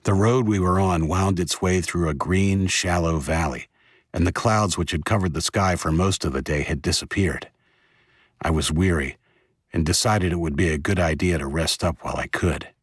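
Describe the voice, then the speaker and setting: Deep husky male audiobook narrator. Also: moderate pace, no echo, clean studio sound. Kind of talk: first-person audiobook narration.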